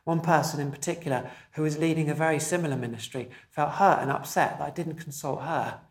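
A man, a pastor, preaching a sermon in a measured, emphatic way, slowing down to stress key phrases. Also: on the high side, steady tone, echoey room.

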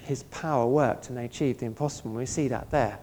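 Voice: medium pitch, fairly quick, dark tone, a little hiss or hum. A pastor preaching a sermon in an earnest, conversational way, often asking the listeners questions.

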